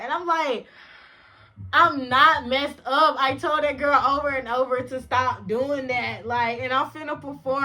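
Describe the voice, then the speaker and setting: Bright animated young woman telling a story. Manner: animated, slangy, acts out dialogue with big pitch jumps and laughs. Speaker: vlogger. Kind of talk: storytime vlog.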